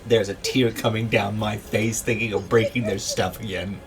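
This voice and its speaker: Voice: medium pitch, steady tone, normal speed. A player joking about their stealthy character during a tabletop game over voice chat. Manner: joking, self-deprecating. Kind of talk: casual play over voice chat.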